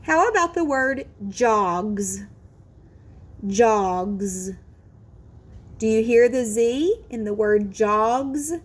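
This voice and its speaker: A woman teaching a phonics lesson to children, slowly modelling each word sound and encouraging the listener. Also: a little high, animated.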